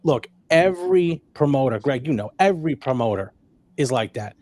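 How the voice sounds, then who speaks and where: A man hosting a casual live stream, explaining things in a halting, conversational way with lots of fillers. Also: medium pitch, expressive, a little mellow. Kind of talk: casual chat.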